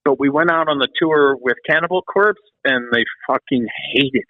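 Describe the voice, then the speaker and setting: A man's voice: mid-range voice, moderate pace, no echo. Man telling stories over a tinny call line. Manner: animated, rambling storyteller with frequent restarts and swearing. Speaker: interview guest, former metal drummer. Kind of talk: casual storytelling interview. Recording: dry, phone-like call audio.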